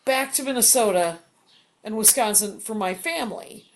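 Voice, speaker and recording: A woman's voice: fairly high pitch, normal speed, a little hiss or hum. A woman comedian in her fifties chatting casually from home, rambling and self-deprecating with many filler words. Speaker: comedian guest. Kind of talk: casual chat.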